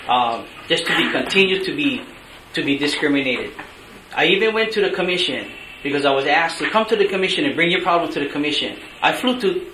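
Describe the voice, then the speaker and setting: A man with a Hawaiian Pidgin-tinged accent giving angry, blunt public testimony at a meeting, pleading to be heard. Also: fairly high pitch. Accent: Hawaiian Pidgin-tinged English. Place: large meeting room. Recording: echoey meeting room, faint hiss.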